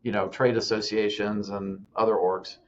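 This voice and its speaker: A man from the US East Coast, a guest on an interview podcast, telling stories in a relaxed way with many fillers and restarts. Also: lowish voice, normal speed, lo-fi sound, a little hiss or hum. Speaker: guest, nonprofit CEO. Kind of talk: casual interview talk.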